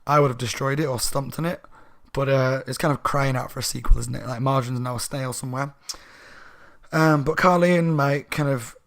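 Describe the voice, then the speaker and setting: A man in mid-range pitch talks through a book's plot in a loose, chatty way, a little tipsy and prone to stumbling over his words. He circles back, corrects himself and keeps things informal. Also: steady tone, brisk, gravelly, a bit bright. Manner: rambling, chatty, self-correcting. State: slightly drunk. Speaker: book reviewer, channel host. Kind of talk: casual spoken book recap.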